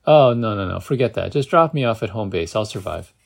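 A man's voice: lowish voice, animated, fairly quick, vocal fry. Man voicing a young guy with a pounding head, wry and strained, storybook read-aloud.

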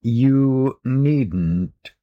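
A man's voice: medium pitch, expressive, very slow, highs cut off. A man voicing a sly, smug talking cat. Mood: coaxing. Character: sly, smug male cat in a boy's body.

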